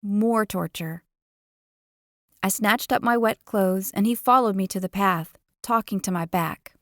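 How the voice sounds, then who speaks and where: A woman's voice: mid-range voice, unhurried, no echo. Dry, close-miked woman reading romance. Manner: expressive, playful first-person storytelling. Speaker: audiobook narrator. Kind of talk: first-person romance audiobook narration.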